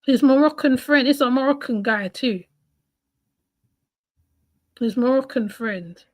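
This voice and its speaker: A woman giving casual live-stream commentary on a clip, calm and conversational while she steers the chat. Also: high voice, a little slow, dry recording.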